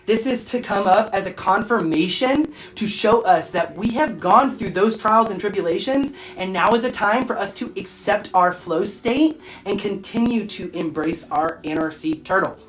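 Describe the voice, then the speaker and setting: A woman's voice: mid-range voice, normal speed, hardly any pauses, soft background music. Bubbly woman chatting on a phone livestream. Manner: bubbly, laughs often, reacts to comments. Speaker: livestream host and spiritual shop owner. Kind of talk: casual livestream chat.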